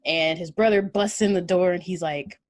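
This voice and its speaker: A slightly tipsy woman tells a story in a casual podcast chat, with a lower voice than most. She talks loosely, laughs, fills pauses with ums and swears freely. The sound is close and dry with no room around it. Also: fairly even intonation, no echo. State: a little tipsy. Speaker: podcast co-host.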